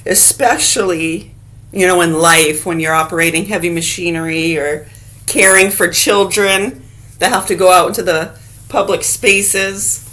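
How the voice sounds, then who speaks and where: A woman's voice: fairly low pitch, a little slow, a bit bright. A woman vlogging straight to camera in a blunt, profane rant with rambling casual asides.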